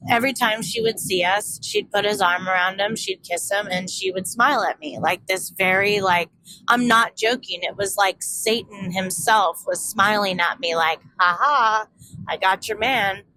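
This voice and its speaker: A young woman vlogger telling a candid personal story, frank and animated, swearing freely and acting out what people said. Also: mid-range voice, moderate pace, slight background noise, low-quality recording.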